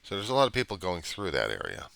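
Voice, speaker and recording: Deep-voiced socal guy rambling in his video diary, punchy bright tone, bone-dry sound. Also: huge pitch swings, fast talker, creaky, no room sound. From United States. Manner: meandering, trailing off, mild cursing. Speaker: video diarist.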